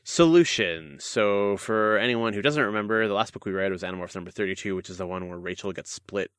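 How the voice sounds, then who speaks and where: A young man hosting a casual podcast, reading listener mail aloud with quick jokey banter. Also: fairly low pitch, fairly bright tone, clear, resonant tone, dry recording, studio quality. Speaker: podcast host.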